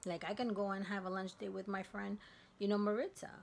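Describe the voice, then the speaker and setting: A woman vlogger telling a personal story in a candid, emphatic way, dropping to a hush at tense moments. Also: medium pitch, little pitch movement, a little fast, vocal fry. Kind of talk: casual storytelling.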